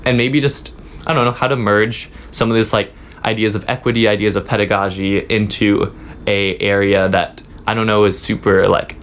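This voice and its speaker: A young man, a student guest in a casual interview, telling a story in a halting way with many fillers. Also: lowish voice, little pitch movement, a bit bright, a little hiss or hum. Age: young adult. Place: office.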